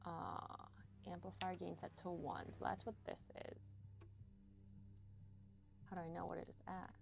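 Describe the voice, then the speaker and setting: A young adult woman with a fairly low, gravelly voice speaks at a measured pace with flat delivery. Streaming a game, she gives casual live commentary, talking to chat and swearing a lot as she works through a puzzle.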